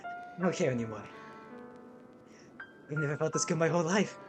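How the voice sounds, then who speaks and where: A man voicing a soft-spoken young woman who talks in a hushed, creepy, intense way. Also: on the high side, expressive, normal speed, music in the background, close to an everyday voice. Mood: obsessive.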